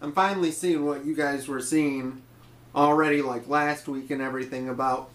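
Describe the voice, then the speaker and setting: A man's voice: medium pitch, fairly even intonation, moderate pace, fairly bright tone, roomy sound. A man co-hosting a wrestling podcast, chiming in with ideas in easygoing casual chat. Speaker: podcast co-host.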